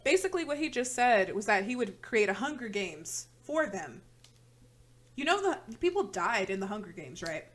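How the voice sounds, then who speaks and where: A woman's voice: medium pitch, big pitch swings, moderate pace, fairly bright tone. A woman hosting a reaction video, talking in blunt, profane, exasperated rants. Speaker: reaction channel host. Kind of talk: casual reaction commentary.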